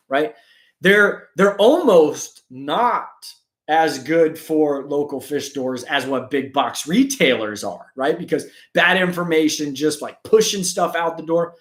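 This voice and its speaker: A man hosting a live stream about aquariums, talking casually and slipping into quick impressions of sellers and customers. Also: on the high side, fairly bright tone. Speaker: host. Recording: echoey room.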